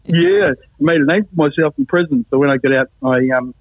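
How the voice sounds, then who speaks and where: A man with a somewhat high voice talks fairly quickly, giving a blunt, matter-of-fact account of his life as an interview guest. It's personal testimony, recorded dry with a tinny, phone-like sound and no room tone.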